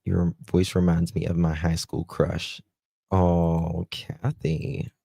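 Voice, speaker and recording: A man from the United States with a Southern American accent, hosting a casual live stream, chatting with viewers and reading their comments aloud with plenty of "um" pauses. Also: low-pitched, little pitch movement, vocal fry, dark tone, breathy edge, dry recording. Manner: chatty, self-deprecating, many "um" pauses. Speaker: livestream host.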